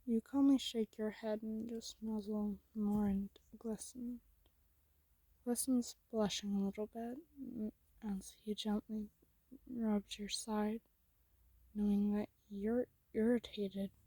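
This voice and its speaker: A woman narrating a second-person fan story in a soft, intimate whispered role-play. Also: mid-range voice, fairly even intonation, takes it slowly, no room sound.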